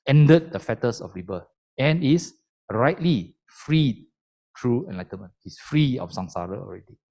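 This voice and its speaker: A man preaching a Buddhist sermon, his pitch leaping up and down as he drives home each point. He speaks in a mid-range voice, emphatic and methodical, walking listeners through the teaching step by step. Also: moderate pace. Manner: animated and emphatic, explaining step by step. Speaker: lay Dhamma speaker.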